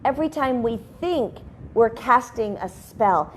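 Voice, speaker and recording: A woman's voice: on the high side, lively intonation, measured pace, slight background noise. A woman hosting a casual motivational talk from her home, chatty and rambling with frequent sidebars. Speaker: host. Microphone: headphones and microphone at a video call setup.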